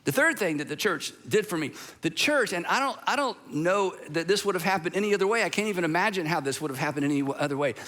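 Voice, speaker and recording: A man's voice: high voice, animated, fast talker, hardly any pauses, a bit bright. A man, preaching a sermon as a pastor, telling stories in a conversational way with asides.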